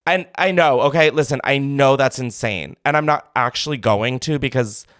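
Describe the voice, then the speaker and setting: A man's voice: mid-range voice, normal speed, a bit bright, no echo, studio quality. A man hosting a call-in show, chatting casually and bluntly, swearing freely and thinking aloud.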